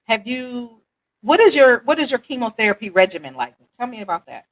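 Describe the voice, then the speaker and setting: A podcast host interviewing a guest, warmly affirming and enthusiastic. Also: medium pitch, expressive, brisk, rough recording. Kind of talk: casual interview.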